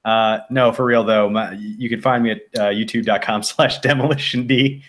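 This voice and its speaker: A man's voice: lowish voice, fairly even intonation, normal speed, a bit bright, a little hiss or hum. Joking man on a casual podcast. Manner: joking, playful. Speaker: podcast guest, voice actor and YouTuber. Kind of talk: casual group podcast chat.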